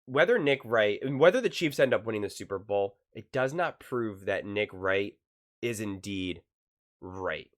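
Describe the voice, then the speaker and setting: A man's voice: on the low side, lively intonation, a little slow, fairly bright tone. A man giving casual sports reaction commentary, skeptical and argumentative, rambling with fillers.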